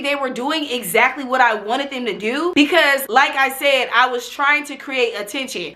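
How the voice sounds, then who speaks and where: A young woman from Los Angeles tells a story to her viewers with a high, bright voice. She talks bluntly, swears freely and tells it dramatically. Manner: animated, blunt and profane, dramatic retelling. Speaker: vlogger. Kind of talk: storytime vlog.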